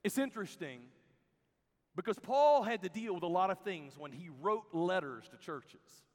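A man preaching a sermon to a crowd in a large hall, telling stories in an animated way and acting out the people he quotes. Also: high voice, moderate pace. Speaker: camp speaker. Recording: long hall reverb.

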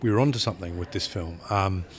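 A man, a film director, talking in an interview in a rambling, halting way, often repeating words as he searches for them. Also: deep voice. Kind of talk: interview conversation.

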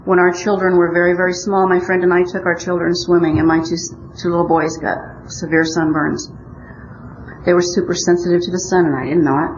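A woman's voice: on the low side, flat delivery, a little fast, a little hiss or hum. An older woman from Omaha, Nebraska, giving a personal recovery talk in an earnest, storytelling way with wry humor. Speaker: speaker at a recovery meeting. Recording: muffled roomy recording.

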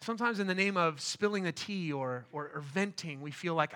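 A middle-aged male pastor preaching with a bright, forceful voice that sits a little high. He talks earnestly and emphatically, slowing down to lean on the words that matter. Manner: earnest, emphatic, slows down to stress key phrases. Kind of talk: sermon.

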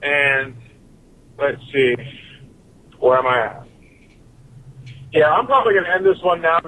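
A fairly high-voiced man rants into his recording, cursing at every turn and hopping from one gripe to the next. A faint hiss sits under his voice. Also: lively intonation, measured pace, bright, forceful tone, poor audio. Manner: swears constantly, drifts from point to point. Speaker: listener sending in a recorded message. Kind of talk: profane rambling rant.

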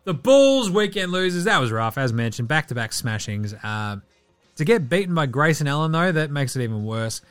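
A young man hosting a solo basketball podcast, talking in a profane, sarcastic, animated way. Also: on the high side, normal speed, clear, resonant tone. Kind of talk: solo sports commentary podcast.

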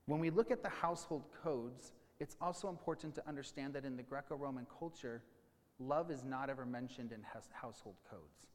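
A man preaching a sermon as a pastor, teaching with questions and slowing down to stress key points. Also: medium pitch, long reverb tail. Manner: teaching, with questions and slowed emphasis.

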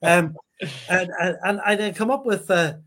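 A man giving an earnest, measured interview answer as a guest. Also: high voice, a bit bright.

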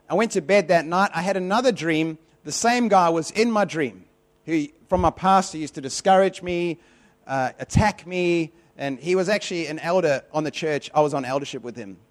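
A preacher with a notably high-pitched male voice delivers a sermon. He talks conversationally, repeats and restarts phrases, and tells his own stories with animation. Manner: conversational, repetitive, animated retelling. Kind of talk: sermon with personal storytelling.

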